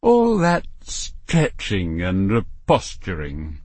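A man's voice: sits low, wildly swooping pitch, slow, a little mellow, dry recording, heavily acted. A man voicing an irritable mother who speaks with a sugary, clipped politeness. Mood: needling. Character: irritable suburban mother, tight-lipped.

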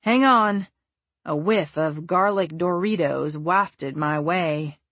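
A woman narrating a first-person story for an audiobook in a measured, wry and deliberate way, close on the mic. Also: low voice, a bit bright, no echo.

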